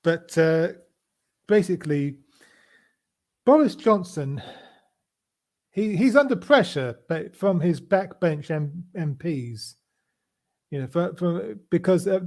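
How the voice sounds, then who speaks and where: A man hosting a casual political chat show, talking in a halting way with many restarts and fillers. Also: a little high, dark tone. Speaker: podcast host.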